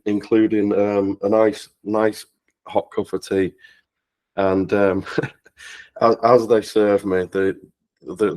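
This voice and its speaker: Laughing as he goes, a man recounts a casual personal anecdote as a guest on a charity talkathon livestream, his sentences full of restarts and stumbles. The low-quality recording carries a low-sitting, darkish voice.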